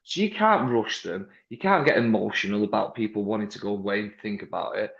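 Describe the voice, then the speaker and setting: A British man in the car trade, talking casually in an interview, animated and full of restarts, often acting out conversations with customers. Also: fairly low pitch, a little fast, vocal fry. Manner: animated, acts out sales-floor dialogues, frequent restarts. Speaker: car sales manager, interview guest. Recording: roomy, slightly dull sound.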